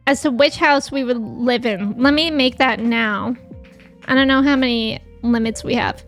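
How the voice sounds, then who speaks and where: A woman's voice: high voice, fairly bright tone. A woman streamer in casual chat with her live viewers, reading their messages aloud and laughing often.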